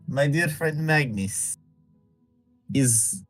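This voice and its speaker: A man's voice: on the high side, animated, extremely slow, faint music behind. A man role-playing his character in a tabletop game, speaking formally without contractions, often stumbling and repeating words.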